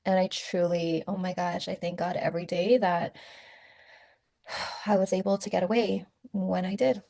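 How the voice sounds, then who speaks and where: A woman's voice: fairly low pitch, level tone, moderate pace, gravelly, mellow. A young woman speaking candidly and casually to her viewers as she shares a personal testimony, with lots of fillers. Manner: candid, conversational, many fillers. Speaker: vlogger sharing her testimony.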